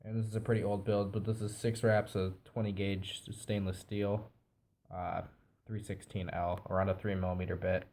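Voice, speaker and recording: A man's voice: deep voice, normal speed, slight background noise, poor audio. A man with a nasal, stuffy voice from a cold, casually reviewing a device while he assembles it. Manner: relaxed, explains while assembling. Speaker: product reviewer.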